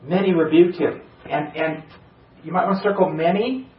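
A pastor preaches earnestly in a church sanctuary, his voice on the high side at a moderate pace. He builds to urgent emphasis with rhetorical questions, captured in a distant, roomy and somewhat dull recording.

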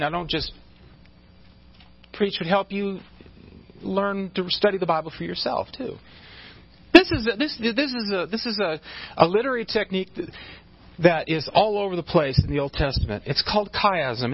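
The audio is dull as a male pastor with a high, slightly rough voice gives his sermon. He keeps it conversational, with frequent restarts and asides, and jokes with his congregation.

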